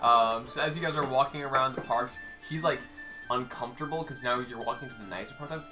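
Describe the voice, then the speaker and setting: A woman with a very low voice runs a tabletop game, narrating casually with lots of fillers. Music plays behind her. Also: fast talker. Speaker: game master. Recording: background music.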